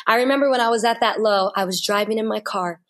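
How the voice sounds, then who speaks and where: A woman's voice: fairly high pitch, quick pace. Earnest woman sharing a faith testimony. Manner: earnest, heartfelt, repeats phrases for emphasis. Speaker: guest. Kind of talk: faith interview, personal testimony.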